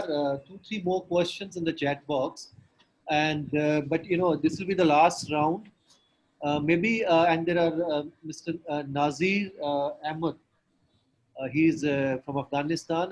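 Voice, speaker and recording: A man's voice: a little high, poor audio. Man moderating, filler-heavy. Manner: hesitant, many fillers. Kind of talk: moderating a panel discussion. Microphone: remote video call.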